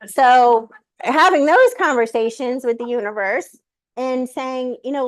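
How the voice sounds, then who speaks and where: A woman's voice: high-pitched, unhurried. A woman casually telling a personal story in a chatty way, full of fillers and acted-out inner dialogue. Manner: animated, many fillers, acts out her talks with the universe. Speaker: guest sharing a personal story.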